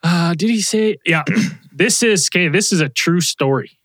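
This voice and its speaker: A man hosting a podcast in a relaxed, casual way, with hesitant fillers as he reads from the chat. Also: sits high, moderate pace, no echo. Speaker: podcast host.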